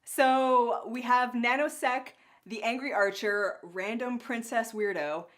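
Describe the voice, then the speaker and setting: A young woman co-hosting a casual podcast, rambling and animated with lots of filler words. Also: fairly high pitch, slow pace. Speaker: podcast co-host reviewing a cartoon. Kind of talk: casual chat.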